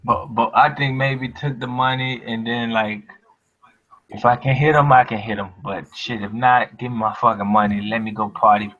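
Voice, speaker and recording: A man co-hosting a casual fight chat, ranting with lots of swearing and animated emphasis. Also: mid-range voice, normal speed. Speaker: co-host. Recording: lo-fi dull audio.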